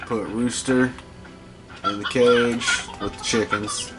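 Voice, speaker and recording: A man's voice: medium pitch, level tone, slow, music in the background. A man giving profane, scolding commentary while playing a video game. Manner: foul-mouthed, scolding the game creatures. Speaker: gameplay host.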